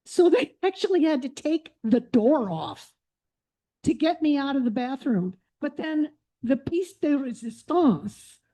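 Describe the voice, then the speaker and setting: A woman telling a funny travel mishap to a club meeting in an animated way. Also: high voice, a little slow. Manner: animated, laughing storyteller. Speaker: club member. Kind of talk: casual anecdote telling.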